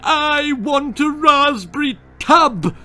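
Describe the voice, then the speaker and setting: A man's voice: animated, slow, exaggerated voice. A man voicing a shrieking spoiled little girl. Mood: demanding howl. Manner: howling, shrill screaming.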